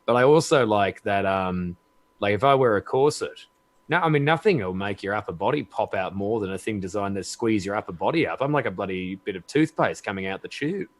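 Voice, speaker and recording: A man's voice: fairly low pitch, expressive, a little fast. A man with an Australian accent, chatting enthusiastically as a guest and swearing freely. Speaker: guest comedian. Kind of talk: casual chat.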